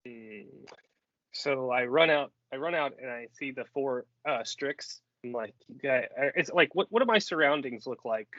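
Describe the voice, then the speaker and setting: A man's voice: mid-range voice, expressive, moderate pace, a bit bright, dry recording. A man chatting casually as an eager, giggly player in a tabletop game. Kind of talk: casual chat. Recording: dry, dull lo-fi recording.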